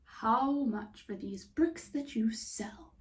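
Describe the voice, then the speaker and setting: A woman voicing a sensible, thrifty little pig who speaks in a measured, hushed way. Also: a little high, recorded from a distance. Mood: thoughtful.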